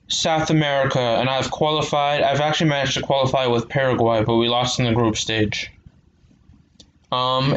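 A man's voice: a little high, dull audio, a little hiss or hum. A man talking casually over gameplay as a YouTuber, rambling and hesitant, often correcting himself. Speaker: gaming YouTuber.

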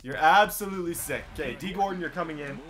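Excitable young man commentating his game. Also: a little high, fast. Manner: animated, talks to viewers, bursts into shouts. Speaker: gaming YouTuber.

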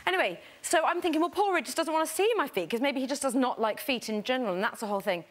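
An English woman on a TV chat show, telling animated anecdotes and acting out what people said. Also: high-pitched, rapid-fire. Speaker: guest actress.

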